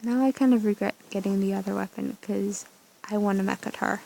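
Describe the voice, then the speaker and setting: A woman reading a story game aloud, with deadpan, low-key asides. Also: a little fast, gravelly, slight background noise, low-quality recording.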